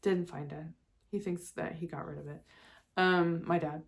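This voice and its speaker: A woman's voice: lowish voice, fairly even intonation, normal speed, vocal fry. A woman in her forties, possibly, chatting candidly and emotionally to her viewers in a casual vlog, laughing at herself now and then. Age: 40s. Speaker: vlogger. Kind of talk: casual personal chat to camera.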